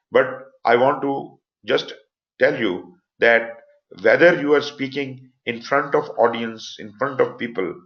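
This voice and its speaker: Male instructor, Pakistani accent, explanatory online lecture voice, medium pitch, muffled web audio. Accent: Pakistani English. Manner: explanatory, stresses points with voice inflections. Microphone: computer mic for online class.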